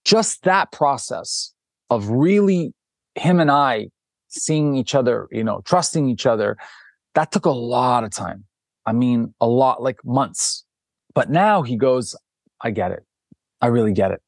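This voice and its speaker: The recording is clean studio sound with no room sound, and the man speaks slowly at medium pitch. A documentary director and interview guest, he tells an animated story, acts out the characters' quoted dialogue, and frequently restarts.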